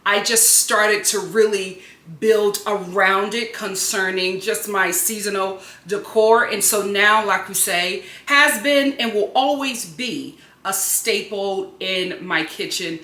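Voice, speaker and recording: A woman from Philadelphia chatting to the camera in her home kitchen, excitable and chatty, laughing often. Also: mid-range voice, takes it slowly. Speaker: home lifestyle vlogger. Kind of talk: casual chat to camera. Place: home kitchen under studio lights. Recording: echoey room.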